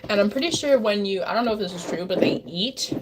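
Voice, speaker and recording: A woman's voice: mid-range voice, expressive, fast, heavy background noise. A woman livestreamer chatting casually with her viewers as she bakes, rambling and talking straight to her chat. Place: home kitchen.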